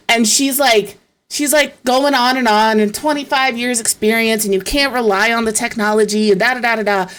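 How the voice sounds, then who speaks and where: A woman's voice: a little high, fairly even intonation, normal speed, a bit bright. Profane, exasperated woman streamer. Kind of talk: casual chat.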